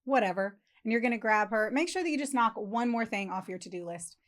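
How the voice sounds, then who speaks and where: Woman podcast co-host, fairly high voice, profane and animated. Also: fairly quick. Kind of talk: casual podcast chat.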